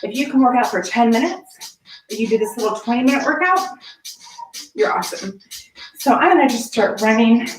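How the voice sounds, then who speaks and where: A woman's voice: fairly high pitch, a little fast, long pauses, recorded from a distance. Breathless upbeat woman fitness instructor. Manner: upbeat, encouraging, counting reps. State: slightly out of breath. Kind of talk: home workout instruction. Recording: echoey room, voice from off-mic. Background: background music.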